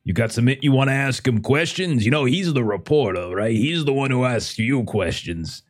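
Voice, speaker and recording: A man's voice: mid-range voice, lively intonation, normal speed, lightly acted. A man doing a brash, sleazy magazine editor. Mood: needling. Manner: gruff, needling, mocking.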